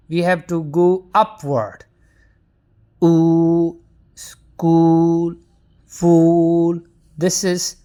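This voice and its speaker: Male English pronunciation teacher, very slow delivery, repetitive, keeps checking "got it?". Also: a little high. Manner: addresses viewers as "my dear students". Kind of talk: phonetics lesson.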